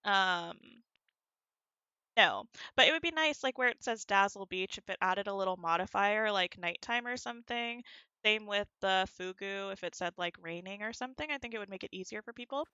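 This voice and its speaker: A woman's voice: mid-range voice, moderate pace, sharp tone, smooth, no echo, lo-fi sound. A woman streamer with a neutral American accent, chatting casually while playing a game and answering her chat, her sentences often rising at the end. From United States. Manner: rising inflection at sentence ends.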